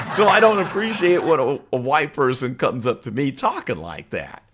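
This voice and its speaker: Lively conversational man vlogging his opinions. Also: mid-range voice, a little hiss or hum. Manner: earnest, conversational, with frequent uh and um pauses. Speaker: political commentary host. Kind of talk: opinion vlog monologue.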